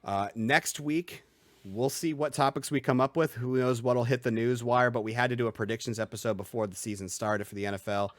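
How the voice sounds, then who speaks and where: A man's voice: mid-range voice, fairly quick, no echo, studio quality. A man hosting a casual sports podcast, rambling a little, trailing off mid-sentence and laughing easily. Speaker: podcast host.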